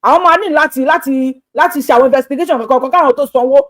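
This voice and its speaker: High-voiced Nigerian woman pleading urgently. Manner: pleading, begging, repetitive; shifts between fast talk and slow drawn-out appeals. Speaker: social media creator. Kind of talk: impassioned plea to camera.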